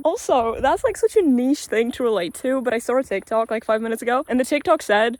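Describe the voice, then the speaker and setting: A woman's voice: fairly high pitch, animated, brisk, hardly any pauses, a little mellow, no echo. Chatty young Polish woman with British-tinged English. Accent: British-tinged English with a Polish background. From Poland. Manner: chatty, loose and sweary, with frequent "like" fillers. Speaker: vlogger. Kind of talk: casual rambling vlog. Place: outdoors on a quiet rural road. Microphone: handheld phone while walking.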